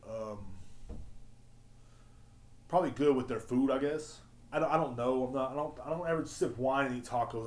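A man rambling through a solo podcast rant at full volume, swearing freely and circling back on himself. His voice sits at an ordinary middle pitch, and he jumps between topics as the thoughts come. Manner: profane, rambling, loud and yelling. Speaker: podcast host.

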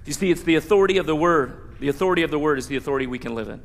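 A man preaching a sermon as pastor, animated, playfully acting out prayers and Bible scenes. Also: a little high, racing, big-room sound, slight background noise.

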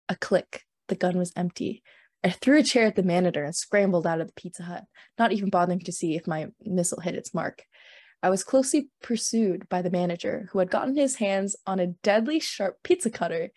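A woman's voice: on the low side, moderate pace, darkish tone, no echo. A young woman hosting a casual livestream, chatting and reading scary stories aloud with frequent giggles. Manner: giggly, chatty, reads with laughs. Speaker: stream host.

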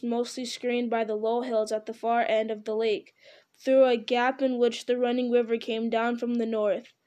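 A woman narrating an audiobook in a measured, dramatic storytelling manner. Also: on the high side, a little mellow. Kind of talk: audiobook reading.

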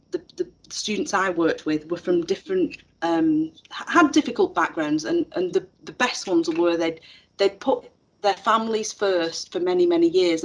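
A woman's voice: lowish voice, low-quality recording. A middle-aged woman, a teacher educator telling stories in an interview with many fillers and restarts. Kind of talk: casual interview chat.

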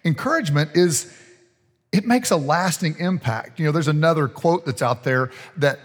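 A man's voice: fairly high pitch, moderate pace, big-room sound. A man preaching as pastor, in a casual, folksy way full of restarts, chuckles and asides to the congregation. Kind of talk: sermon. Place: church sanctuary.

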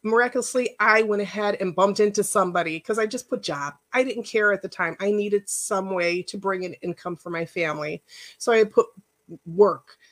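A woman's voice: medium pitch, moderate pace. A middle-aged woman, a life coach, giving a casual workshop talk in a chatty, personal storytelling way with rambling asides.

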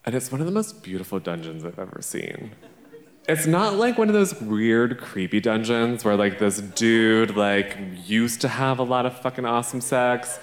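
A man's voice: medium pitch, expressive, moderate pace. A man, a drag performer, telling a playful, brash and profane story live on a theater stage. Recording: echoey theater stage recording.

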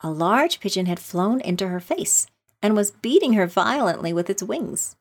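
Brief: woman narrator, lowish voice, measured storybook reading. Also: expressive.

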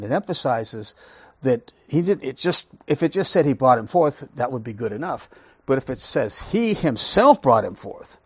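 Husky, lively-voiced man teaching Scripture. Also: medium pitch, dry recording. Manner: emphatic, rhetorical questions, repeats words for stress. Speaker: Bible teacher. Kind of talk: Bible study lesson.

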